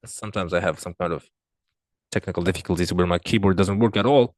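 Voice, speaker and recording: A man teaching an exam reading lesson, working through answers aloud with frequent fillers, restarts and swings in pitch and loudness. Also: quick pace, no room sound. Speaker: IELTS tutor. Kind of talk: screen-recorded reading lesson.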